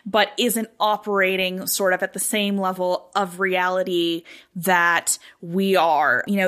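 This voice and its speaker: A woman co-hosting a podcast in casual chat, thinking aloud with lots of fillers and growing animated as she talks. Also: medium pitch. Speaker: podcast co-host.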